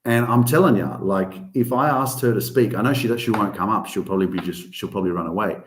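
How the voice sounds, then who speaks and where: A fairly low-pitched man talks fast as he hosts a casual motivational podcast, with slight background noise and a roomy echo. He speaks emphatically, swears often, and raises his voice on the key points.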